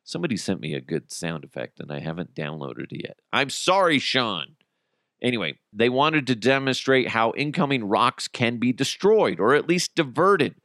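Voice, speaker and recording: A man's voice: medium pitch, big pitch swings, normal speed. A man hosting a podcast, telling stories in a casual, profane, comedic way and laughing at his own jokes. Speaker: podcast host.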